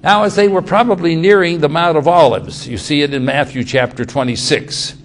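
Dramatic preaching man, slightly high voice. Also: normal speed, a little hiss or hum. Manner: dramatic quoting of scripture, shifting loudness and pace. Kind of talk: sermon.

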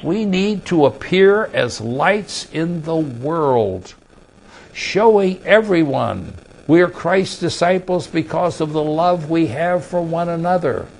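A man preaching a sermon, emphatic and rising to loud scripture readings. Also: a little high, expressive, slow, gravelly.

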